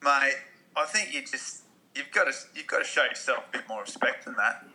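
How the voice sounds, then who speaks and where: Bright-voiced co-host guy, easygoing and jokey, casual podcast chat. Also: medium pitch, animated, a little fast.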